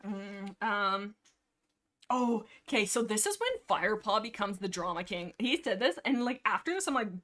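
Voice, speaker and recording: A woman's voice: mid-range voice, a little fast, a bit bright. Young woman, chatty livestream host, giggly, rambling, playful dramatic line reads. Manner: chatty, giggly, acts out dialogue with exaggerated drama. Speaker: livestream host discussing a book series. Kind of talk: casual rambling book chat.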